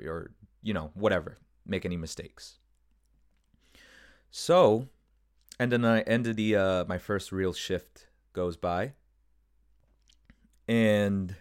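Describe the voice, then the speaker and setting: Young guy rambling thru a story on his podcast, deep smooth voice, lots of um and you know. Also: no room sound, clean studio sound. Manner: rambling, many fillers and restarts, acts out quotes. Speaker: podcast host. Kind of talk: casual storytelling monologue.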